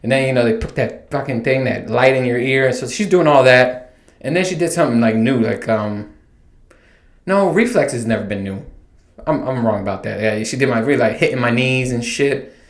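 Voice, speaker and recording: A man's voice: mid-range voice, normal speed. A man hosting a podcast, telling a profane, exasperated comic rant in a casual way. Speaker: podcast host. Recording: roomy echo.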